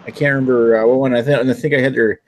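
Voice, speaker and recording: A man's voice: mid-range voice, fairly even intonation, racing, slight background noise. A man from New Brunswick, Canada, hosting a casual beer chat and reading the beer news in a rambling, laid-back way with plenty of swearing. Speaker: beer podcast host.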